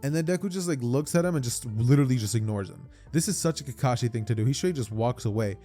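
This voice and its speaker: A man's voice: medium pitch, animated, fast talker, mellow, soft background music. A man casually retelling a fan-fiction story, chatty and slangy, often restarting his sentences. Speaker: YouTube storyteller.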